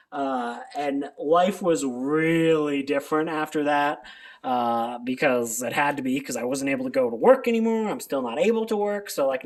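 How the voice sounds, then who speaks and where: Chatty man with a lively voice. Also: a little high. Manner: rambling, chatty, laughs often. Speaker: channel host. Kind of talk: casual vlog chat. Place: at home.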